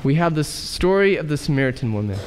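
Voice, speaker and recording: A male pastor preaching a sermon in a church, asking rhetorical questions and pausing for effect. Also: on the high side, big pitch swings, slight background noise. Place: church sanctuary. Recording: church hall reverb.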